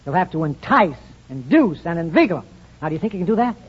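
An actor playing a smooth, teasing man who coaxes a naive girl with fancy words. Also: on the high side, sing-song, quick pace. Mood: coaxing. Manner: coaxing, mock-grand word play. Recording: dull old film soundtrack with clear hiss.

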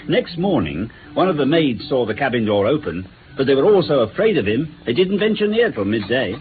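An earnest, slightly frustrated police inspector, acted by a man in a radio drama. He lays out facts plainly, with a lively pitch. The sound is thin and phone-like with a faint hiss. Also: brisk, natural voice. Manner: plain, matter-of-fact reporting.

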